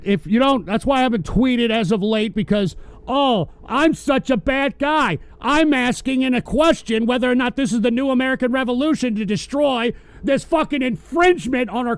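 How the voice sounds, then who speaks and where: Man, high voice, dry close mic: foul-mouthed, sarcastic political host ranting at his chat. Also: normal speed, clean tone, no room sound. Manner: angry, swearing, sarcastic. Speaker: host of a political call-in show. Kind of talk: profane political rant.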